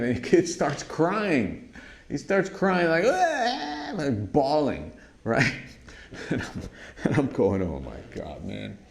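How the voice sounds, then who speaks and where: A drum instructor telling a story in a casual, emphatic monologue, often restarting his sentences. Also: fairly low pitch. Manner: animated, emphatic, frequent restarts.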